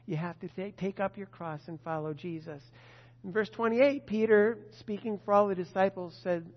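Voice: medium pitch, normal speed, lo-fi sound. Preacher telling Bible stories in an echoing hall. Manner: storytelling with rhetorical questions, addresses a disciple directly. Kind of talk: sermon on scripture.

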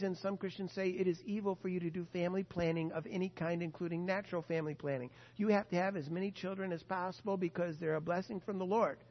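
A man preaching a sermon, earnest and emphatic, repeating his key points. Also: high voice. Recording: dull lo-fi sound with long hall reverb.

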